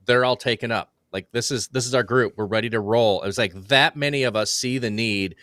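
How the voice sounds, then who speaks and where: A man's voice: medium pitch, fairly quick, pushed and bright, no echo, studio quality. A man co-hosting a church livestream, talking enthusiastically in casual chat, rambling and full of "like". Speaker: livestream co-host. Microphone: livestream setup.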